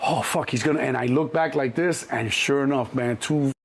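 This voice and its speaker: A middle-aged man, telling stories as an interview guest in a lively, profane way and acting out other people's voices. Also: moderate pace. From Chicago. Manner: animated, acts out other people's voices in a higher pitch, profane. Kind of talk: storytelling in an interview.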